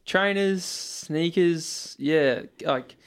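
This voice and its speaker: A man hosting a casual interview podcast, asking relaxed questions and laughing along. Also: on the high side, drawn-out words, clear, resonant tone.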